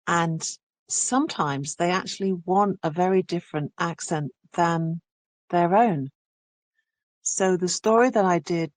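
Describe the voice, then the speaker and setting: A woman's voice: on the low side, no echo. A woman audiobook narrator from England, talking enthusiastically in an interview. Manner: enthusiastic, restarts phrases. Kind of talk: conversational interview.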